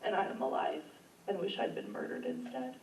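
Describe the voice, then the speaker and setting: A woman's voice: a little high, expressive, brisk, creaky, a little mellow, slight background noise. A woman reading her own poems at an open mic in a library community room, in an earnest, emotional voice. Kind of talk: poetry reading. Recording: roomy, distant, dull room sound.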